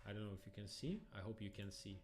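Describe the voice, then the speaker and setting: A young man, rambling excitedly through live trading stream commentary in phrasing. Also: lowish voice, quick pace, a little hiss or hum. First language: Russian. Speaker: day trader streamer.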